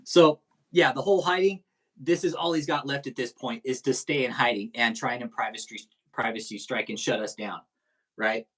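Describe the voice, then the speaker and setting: A man's voice: mid-range voice, moderate pace, low-quality recording. A man hosting a live stream, talking in a profane, combative, rambling way. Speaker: stream host. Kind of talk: casual live-stream commentary.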